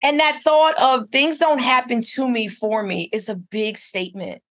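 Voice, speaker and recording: A woman's voice: fairly high pitch, steady tone, moderate pace, a bit bright. A middle-aged woman who owns a spa, telling her story in a casual interview with eager, rambling restarts. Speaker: spa owner and esthetician.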